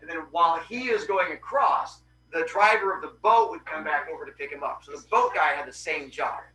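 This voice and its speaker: A man's voice: fairly high pitch, brisk, sharp tone, slight background noise, poor audio. A male teacher in a classroom retelling a Greek myth in a casual, joking, slangy way and answering students.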